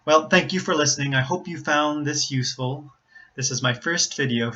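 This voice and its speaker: American man, pronunciation teacher, bright clear voice, careful repeated examples, slightly dull recording. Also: mid-range voice, normal speed. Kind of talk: explaining pronunciation to learners.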